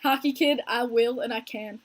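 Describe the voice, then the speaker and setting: A young American woman hosting a casual hockey podcast stream, talking in an animated, chatty way and answering viewers by name. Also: on the high side, normal speed. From United States. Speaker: podcast host streaming live with chat.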